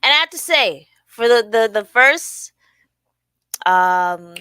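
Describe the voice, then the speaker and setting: A woman's voice: fairly high pitch, lively intonation, slow pace, pushed and bright, slight background noise. A woman hosting a casual solo podcast, chatty and loose, often laughing and adding playful sound effects. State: sore from working out. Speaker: podcast host.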